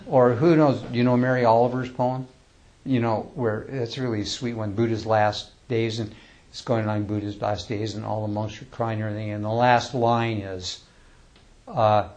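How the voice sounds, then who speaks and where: Relaxed man giving an informal dharma talk. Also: on the low side, highs cut off. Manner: relaxed and conversational, reads poems slowly; chuckles often, many small restarts. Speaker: Zen teacher.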